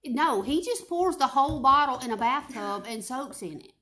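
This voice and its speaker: A woman's voice: high voice, expressive, moderate pace, pushed and bright. A woman, telling family stories in casual chat and dropping frequent "like" fillers. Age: 30s. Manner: chatty storytelling, frequent "like" fillers.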